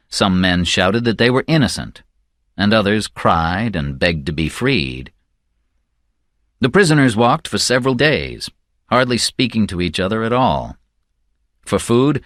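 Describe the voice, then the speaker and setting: Male audiobook narrator, low and somber, slow measured read, dry close recording. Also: a bit bright, no echo.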